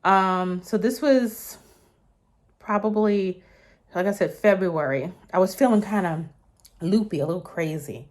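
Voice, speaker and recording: A woman's voice: mid-range voice, unhurried, darkish tone. A woman in her thirties telling a personal story in a casual, rambling way, full of fillers and restarts, and a little short of breath. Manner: chatty, rambling with many fillers and self-corrections. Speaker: vlogger.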